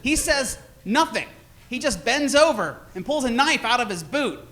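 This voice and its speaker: A man's voice: very high-pitched, sing-song, moderate pace, sharp tone. A man in his forties telling rambling, self-deprecating stories in a stand-up set on a comedy club stage, with audience laughter behind him.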